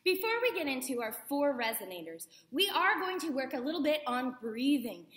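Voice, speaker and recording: Young female drama teacher, upbeat and encouraging, high bright voice for a kids' voice lesson. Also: very animated, normal speed, few pauses. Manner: encouraging, demonstrates vocal exercises. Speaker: acting teacher. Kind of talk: voice lesson for kids.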